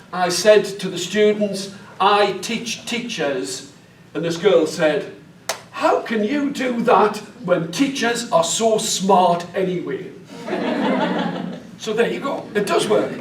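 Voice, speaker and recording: A man's voice: sits high, distant mic, a little hiss or hum. A man with a northeast English accent leads a storytelling workshop, chatty and jokey, engaging the room. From northeast England. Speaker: storyteller leading a teacher workshop. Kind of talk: lively workshop talk to an audience. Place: large hall with an audience. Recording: echoey hall, mic from afar.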